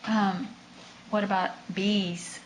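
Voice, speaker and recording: A woman's voice: medium pitch, flat delivery, slow pace, echoey room, a little hiss or hum, poor audio. A mother patiently coaxing her toddler in a home video, with sing-song prompts.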